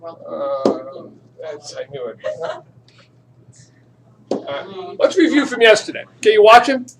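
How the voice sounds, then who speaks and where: Man, chemistry teacher, high voice, animated classroom lecture, faint room noise. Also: slow pace. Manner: animated, joking, talks to students directly.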